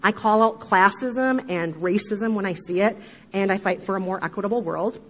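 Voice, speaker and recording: A middle-aged woman with a Midwestern accent, giving an animated talk to a live audience, with emphatic asides and frequent laughter. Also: mid-range voice, normal speed, rough recording. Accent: Midwestern American. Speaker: podcast speaker giving a talk.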